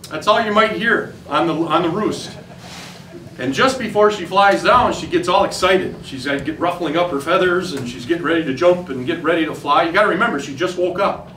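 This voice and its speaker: A turkey hunting instructor with an Upper Midwest American accent walks hunters through a plain, folksy, step-by-step outdoor demonstration. His voice sits on the high side and sounds brisk, bright and forceful. The sound is roomy and distant, with faint ambience and slight background noise.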